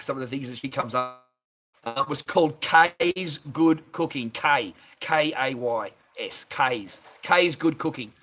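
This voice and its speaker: A middle-aged Australian man with a fairly high, bright, forceful voice hosts a phone livestream from his garage workshop. The phone sits on a holder as he chats casually and profanely, rambling and laughing often.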